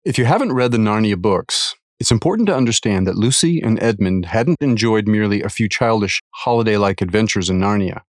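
A man reading a devotional article aloud, earnest and measured, with careful emphasis. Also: lowish voice, no room sound, studio quality.

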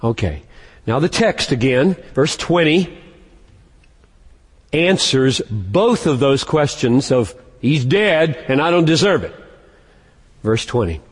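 A man preaching a sermon as pastor, emphatic and slowing down to stress key words. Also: mid-range voice, expressive, husky. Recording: long hall reverb.

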